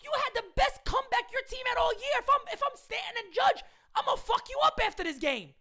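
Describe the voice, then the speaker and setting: A woman ranting loudly and indignantly into a phone camera, repeating her points as a sports fan. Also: very high-pitched, animated, quick pace, hardly any pauses. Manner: loud, indignant, repetitive ranting. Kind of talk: live rant into a phone camera.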